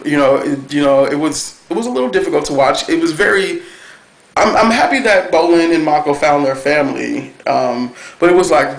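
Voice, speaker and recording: A man reviewing a cartoon episode on camera, talking in a gushing, excitable way with plenty of fillers. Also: on the high side, creaky. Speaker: TV review vlogger. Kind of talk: casual chat review. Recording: echoey room.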